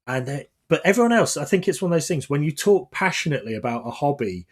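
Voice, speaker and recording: A man's voice: on the high side, animated, fast, slightly rough. A man hosting a podcast, telling anecdotes in a casual, rambling way with lots of ums and restarts. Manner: rambling anecdotal storytelling with many fillers. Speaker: podcast host.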